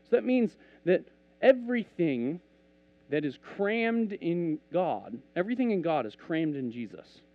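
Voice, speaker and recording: A man's voice: on the high side, unhurried, narrow, tinny audio. A man preaching a casual, conversational sermon, telling stories and acting out bits of dialogue. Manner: animated, conversational, acts out dialogue.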